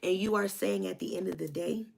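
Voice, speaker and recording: A woman gives a spiritual tarot reading to her viewers, her medium-pitched voice fairly quick, creaky, and a little mellow. She preaches in a hyped, encouraging way, using rhythmic repetition.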